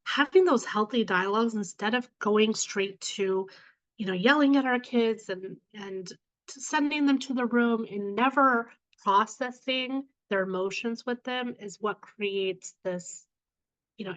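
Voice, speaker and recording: A woman's voice: medium pitch, a little slow, poor audio. A woman on a panel discussion, explaining things with lots of fillers. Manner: explanatory, uses many fillers.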